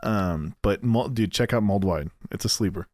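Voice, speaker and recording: A man's voice: on the low side, moderate pace, darkish tone, dry recording. A man co-hosting a podcast in casual chat, rambling with lots of restarts and fillers and swearing freely. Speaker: podcast co-host.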